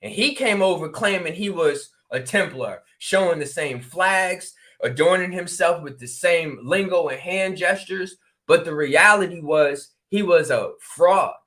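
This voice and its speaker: A man from Connecticut telling a story in casual talk, acting out the dialogue with quick exclamations. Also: on the high side, sharp tone. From New Haven, Connecticut. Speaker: spiritual regression practitioner.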